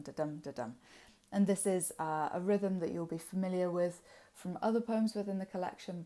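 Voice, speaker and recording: An English woman gives a poetry revision lesson in a low, mellow voice. She explains each line patiently and fills her pauses with ums and uhs as she works through the text. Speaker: literature teacher.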